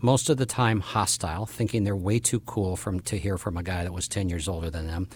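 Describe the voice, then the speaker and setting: A man in his fifties hosting an interview, talking quickly and casually. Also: sits low, steady tone, breathy edge. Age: 50s. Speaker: podcast host.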